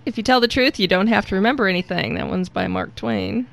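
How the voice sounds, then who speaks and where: A woman co-hosting a casual morning show, playful and quick to laugh while reading quotes and jokes. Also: mid-range voice, huge pitch swings, vocal fry, fairly bright tone. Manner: giggly, laughs often, playful. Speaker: radio show co-host.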